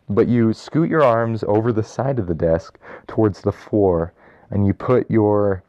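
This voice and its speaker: A man's voice: on the low side, warm tone, dull audio. A young man casually explaining and ranking strategies for a classroom game, rambling and correcting himself as he goes. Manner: rambling, self-correcting, chatty. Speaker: video host.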